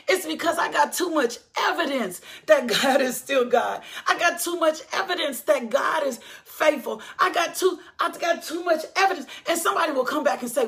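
A woman in her forties preaches a heartfelt testimony in a high voice. She builds with repetition, calls out to her listeners and keeps returning to her point. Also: vocal fry, fairly bright tone. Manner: impassioned, repeats phrases, calls out to listeners. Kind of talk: sermon testimony.

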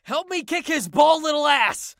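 A woman's voice: high-pitched, animated, normal speed, creaky, no echo, studio quality. A woman voicing a whiny, bratty twenty-two-year-old man-child who talks like a small child. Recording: music playing under the voice. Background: music.

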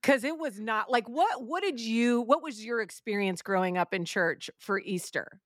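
A woman's voice: a little high, animated, normal speed, dry recording, clean studio sound. A woman co-hosting a faith podcast in a chatty, upbeat way, often laughing along with her co-host. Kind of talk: casual faith chat.

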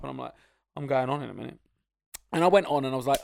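A man's voice: medium pitch, steady tone, fast talker, creaky, no room sound, clean studio sound. A young man, co-hosting a podcast and telling stories in casual, sweary chat, acting out the other people. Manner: swearing storyteller, acts out voices. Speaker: podcast co-host.

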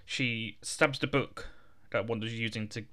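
Smooth, bright-voiced man. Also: medium pitch, steady tone, a little slow. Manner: laid-back, jokey, quotes characters in offhand asides. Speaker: podcast co-host. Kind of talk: casual film recap chat.

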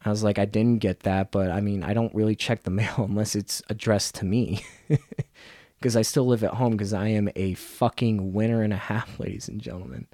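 A man's voice: lowish voice, fairly even intonation, moderate pace, no echo, studio quality. Profane young man ranting on a podcast. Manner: profane, ranting, gets loud and heated. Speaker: podcast host. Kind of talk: casual solo podcast rant.

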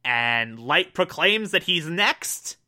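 A man's voice: a little high, sing-song, slow pace, bright, forceful tone. A man casually recapping an anime plot, rambling with many fillers and restarts.

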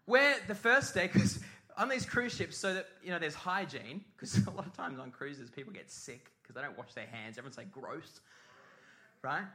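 A man's voice: fairly high pitch, sing-song, brisk, bright, forceful tone. A middle-aged man preaching a sermon as pastor, telling a comic story with sung mimicry and put-on voices.

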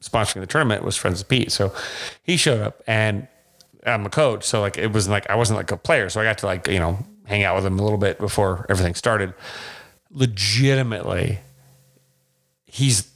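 A man's voice: fairly low pitch, brisk, fairly bright tone. A man from Las Vegas, co-hosting a podcast, telling rambling stories in casual chat with many restarts. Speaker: podcast co-host.

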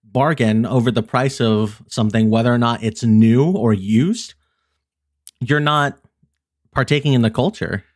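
Animated young man telling a story. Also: medium pitch, measured pace, no room sound, studio quality. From Filipino family. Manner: animated storyteller who acts out the people in his story. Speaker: podcast host. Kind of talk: casual storytelling chat.

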